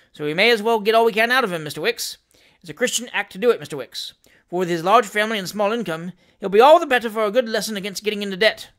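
A man's voice: high-pitched, a bit bright. A man reading aloud and voicing a scheming middle-aged lawyer who fakes anger and then turns sweet. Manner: blustering then falsely sweet.

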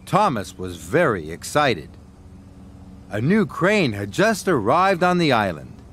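An American man narrating a children's story in an expressive storyteller manner. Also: medium pitch, slow, a little hiss or hum.

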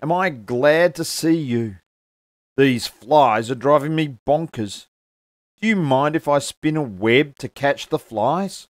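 A man's voice: fairly high pitch, animated, takes it slowly, dry recording, studio quality. A man reading a children's story aloud, voicing a male spider who is fed up with flies. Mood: exasperated.

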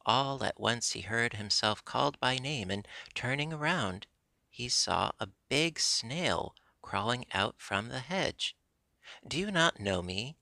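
A man narrating a classic storybook chapter in a steady, measured reading. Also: medium pitch, creaky, no room sound. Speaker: audiobook narrator.

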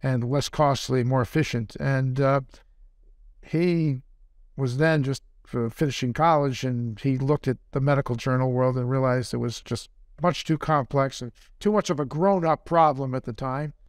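An older man speaking as a podcast interview guest, relaxed and rambling, with a self-deprecating manner. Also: mid-range voice, normal speed, no echo, studio quality. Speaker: guest, company founder and surgeon.

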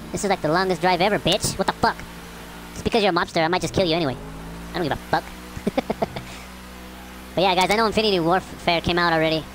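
A woman's voice: on the low side, a little hiss or hum. A woman hosting her own gaming channel, chatting casually and profanely while she plays. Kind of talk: casual gameplay commentary.

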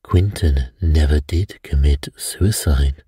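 Guy reading a calm priest sleuth, deep dark voice, takes his time. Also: breathy edge, no room sound, studio quality, full character voice. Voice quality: unhurried, calm and reasoning. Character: calm, thoughtful middle-aged priest detective. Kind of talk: audiobook character reading.

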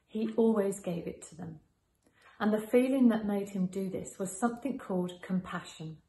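A woman reading a calm, gentle reflection in a steady, explanatory way. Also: medium pitch, echoey room, rough recording.

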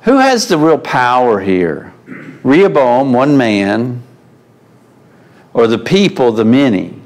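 A man's voice: mid-range voice, sing-song, takes it slowly. A man teaching a mid-week Bible class in a church, in a conversational way, asking the class questions. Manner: conversational, asks the class questions, folksy phrasing.

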